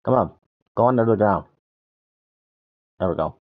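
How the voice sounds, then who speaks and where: A Canadian man live streams a game with casual commentary, chatting playfully, humming, and taunting to himself. His voice is on the low side, expressive, at a moderate pace. The recording has a dull lo-fi sound.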